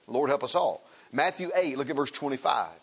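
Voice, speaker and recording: A man preaching a sermon in an emphatic, animated way, calling out to the congregation. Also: mid-range voice, fairly quick, husky, highs cut off.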